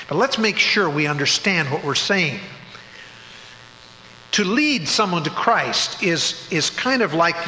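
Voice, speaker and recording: A man delivers a methodical church Bible lesson, setting out his points one by one. His voice is bright and forceful and sits a little high. The sound carries a long echo from a large hall, with a faint hum underneath. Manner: methodical, lists points, occasional restarts. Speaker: preacher teaching a Bible study series. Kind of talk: sermon-style Bible teaching.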